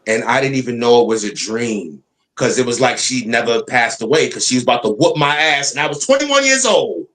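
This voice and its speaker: A man's voice: mid-range voice, big pitch swings, fairly quick, fairly bright tone. A man co-hosting a live stream panel, telling stories in casual, slangy, profane chat and acting out the voices he quotes.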